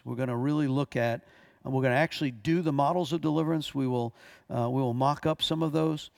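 A man's voice: on the high side, vocal fry, a little mellow, no echo, clean studio sound. A man teaching a church class as pastor, telling stories earnestly with frequent restarts.

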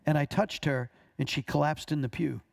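A middle-aged man teaching a class on deliverance ministry, telling animated stories and acting out the voices in them. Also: a little high, moderate pace, vocal fry. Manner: animated storyteller, acts out voices in his stories.

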